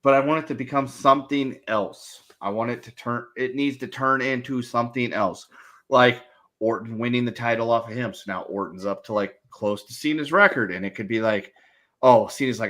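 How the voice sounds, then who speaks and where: A man's voice: mid-range voice, brisk, fairly bright tone. A man co-hosting a podcast, giving exasperated, rambling opinions in casual chat. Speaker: podcast co-host.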